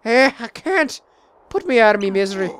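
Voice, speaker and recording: A man's voice: very high-pitched, big pitch swings, a little fast, a little hiss or hum, pitched above the performer's own voice, exaggerated voice. A man with a Southern US accent voicing a blustering, hot-headed warrior brute while reading game dialogue, his Scottish attempt slipping into his own accent. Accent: Southern US, failing at a Scottish brogue. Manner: shouty blustering bravado. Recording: game music behind.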